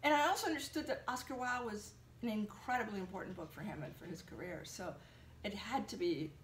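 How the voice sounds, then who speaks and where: A woman being interviewed, telling an animated story with lots of fillers. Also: medium pitch, brisk, roomy sound, slight background noise. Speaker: translator, interviewee. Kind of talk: conversational interview.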